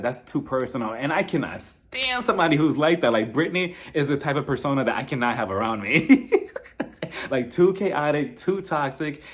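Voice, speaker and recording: A young man giving a casual, opinionated recap of a reality show, acting out quotes and laughing as he mocks the cast. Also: medium pitch. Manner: animated, mocking, acts out quotes with laughs.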